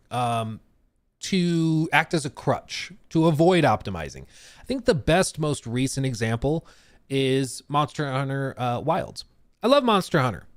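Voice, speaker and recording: A man's voice: mid-range voice, dry recording. A man hosting a casual live stream, chatting in a rambling, self-deprecating way with lots of fillers. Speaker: streamer and games reviewer. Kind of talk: casual live-stream chat, reading out chat comments.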